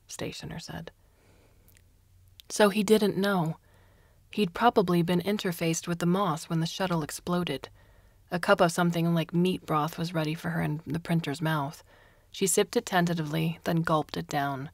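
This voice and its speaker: Low-voiced woman reading a story. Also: normal speed, vocal fry, dry recording, clean studio sound. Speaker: story reader. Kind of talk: scripted narration.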